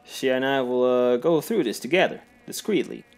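A man's voice: medium pitch, normal speed, darkish tone, close to an everyday voice. A man voicing a nervous married businessman in a put-on Southern US accent, hesitant and apologetic. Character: nervous married male businessman, guilty and stiff.

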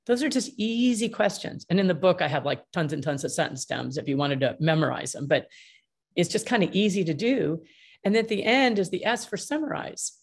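A middle-aged woman, a mediator answering interview questions in an energetic, emphatic way and acting out the dialogue she quotes. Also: on the low side, normal speed, gravelly, husky. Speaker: mediator and author.

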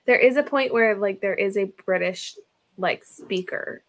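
A woman's voice: mid-range voice, unhurried. A woman joining a casual book club chat over a video call, making brief, hesitant remarks with many fillers.

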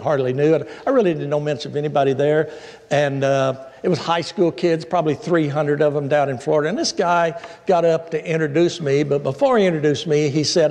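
A male pastor preaching a sermon in a church, telling stories in a folksy, animated way. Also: fairly high pitch. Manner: storytelling, folksy, animated asides. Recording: echoey church hall.

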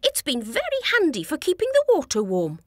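A woman's voice: high-pitched, huge pitch swings, a little fast, dry recording, clean studio sound, voice pushed up. A woman voicing a friendly, easygoing character in a children's story, chatting in a matter-of-fact way. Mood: cheery.

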